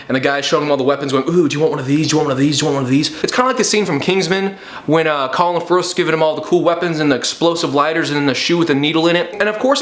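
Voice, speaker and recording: A man's voice: on the high side, a bit bright, roomy sound. A young man reviewing a movie in a sarcastic, profane comic rant, often slipping into mock voices.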